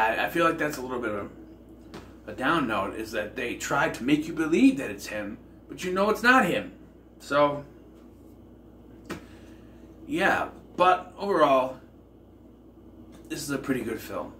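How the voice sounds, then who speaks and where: Sitting far from the microphone in an echoey room with faint ambient noise, this channel host reviews films in a loose, rambling way, full of fillers and self-corrections. His mid-range voice sounds bright and forceful.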